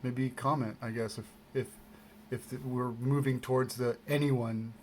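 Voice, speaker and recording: A man's voice: mid-range voice, level tone, measured pace, slight background noise. A man rambling casually through an unboxing, self-deprecating and meandering, with many fillers and restarts, recorded on a desk camera mic. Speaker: vlogger.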